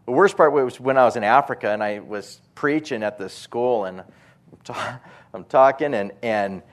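A male preacher telling animated, self-mocking stories in a sermon, often breaking into voiced impressions. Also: medium pitch, moderate pace. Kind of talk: storytelling sermon.

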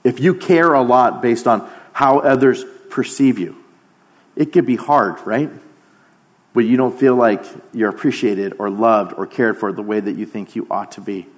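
A man's voice: mid-range voice, moderate pace. A man preaching a sermon, emphatic, dropping to a near-whisper on key phrases.

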